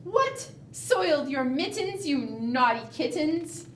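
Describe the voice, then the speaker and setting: A woman voicing a fussy mother cat who scolds her kittens in a slow, sing-song storybook voice. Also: sits high, sing-song, reverberant, far from the mic, slight background noise, exaggerated voice. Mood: scolding.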